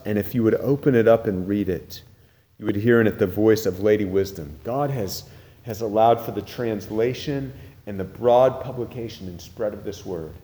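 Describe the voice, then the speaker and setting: A man preaching a sermon with earnest urgency, rising loud and dropping to a hush. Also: medium pitch, long reverb tail. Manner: earnest, swings from loud urgency to hushed intensity. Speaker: pastor.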